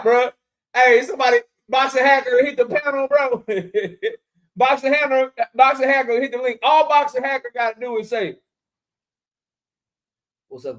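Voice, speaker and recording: High-voiced joking livestream host man. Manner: loud, joking shout-outs to chat, profane. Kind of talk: casual livestream chat.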